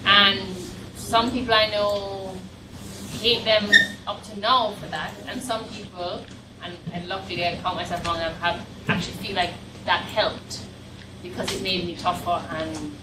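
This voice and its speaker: A woman's voice: mid-range voice, fairly even intonation, normal speed. A Jamaican woman student sharing thoughtful views in class, repeating words as she thinks. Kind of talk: classroom discussion. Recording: echoey distant classroom, noisy.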